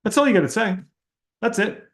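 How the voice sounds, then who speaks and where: A man with a slightly higher-than-usual voice hosts a casual question-and-answer session. He speaks bluntly and candidly, often restarting sentences as he thinks out loud. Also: expressive, brisk. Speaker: host answering audience questions. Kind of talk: casual Q&A livestream talk.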